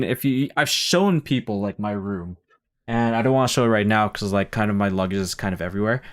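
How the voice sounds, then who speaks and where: A man's voice: lowish voice, clean tone. A young man streamer with a Filipino and Bay Area accent, rambling casually through his plans with lots of ums and restarts. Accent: Filipino and Bay Area blend. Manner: rambling, chatty, many ums and self-corrections. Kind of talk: casual live-stream planning chat.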